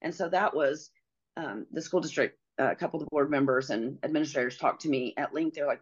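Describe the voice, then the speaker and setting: A middle-aged woman telling a personal story as a guest, earnest and halting, with many pauses and fillers. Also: low voice, expressive, slightly rough, dull audio.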